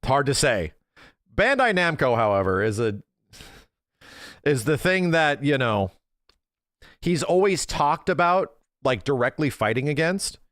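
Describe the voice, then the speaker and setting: An excitable male streamer talks casually to his live chat from home, laughing easily. His voice sits at an ordinary middle pitch and the sound is dry and close, with no room around it. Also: measured pace, long pauses, no echo.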